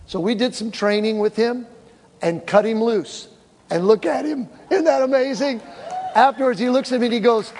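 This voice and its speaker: An older male pastor telling mission stories to his church and acting out the quoted voices in an animated way. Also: high-pitched. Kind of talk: church mission report with slides. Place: church hall. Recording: reverberant church hall.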